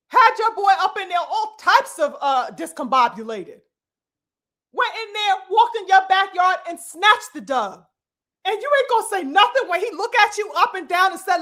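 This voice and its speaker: A woman giving animated, profane live-stream commentary on boxing. She talks straight to her viewers and calls them brothers and sisters. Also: very high-pitched, measured pace.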